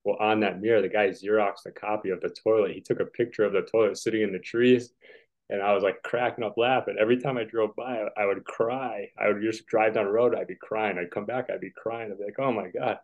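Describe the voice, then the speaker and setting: A man in his forties with a very low voice tells a long, rambling story over a video call, full of "like" and "you know" fillers. The call audio sounds dull and lo-fi. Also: fairly even intonation, quick pace. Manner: rambling, filler-heavy, chuckling. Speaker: podcast guest, tennis player. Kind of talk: casual storytelling.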